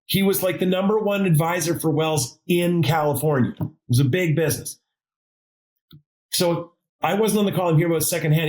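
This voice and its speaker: Lively, higher-voiced man telling a story. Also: low-quality recording. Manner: animated, acts out dialogue in quotes, jokey asides. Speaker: podcast guest, advisor consultant. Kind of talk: casual storytelling interview.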